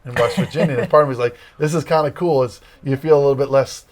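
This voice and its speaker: A man's voice: mid-range voice, fairly even intonation, rapid-fire. A man from Massachusetts with a light Massachusetts accent, telling stories casually as an interview guest. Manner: rambling, anecdotal storytelling. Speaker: guest, campus ministry leader.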